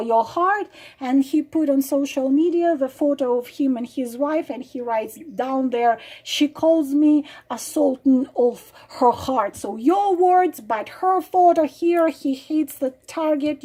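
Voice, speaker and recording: A woman's voice: high-pitched, dark tone. Earnest woman warning about manipulators. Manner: earnest, warning, many fillers and repeated examples. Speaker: relationship advice vlogger. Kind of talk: direct-to-camera advice talk.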